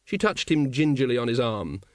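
A man narrates a novel with wry, expressive delivery, his pitch moving in wide, lively sweeps. The recording is dry and close, with no room sound. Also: moderate pace, dry recording. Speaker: audiobook narrator. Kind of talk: scripted narration.

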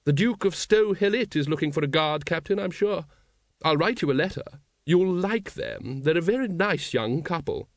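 A hearty, well-meaning noblewoman who breeds dragons, put on by a man reading an audiobook, her voice lifted well above his own and bouncing with lively intonation. She talks briskly and breezily, unflustered. The sound is close and dry. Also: fairly high pitch, no echo, voice pushed up. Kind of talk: audiobook character voice.

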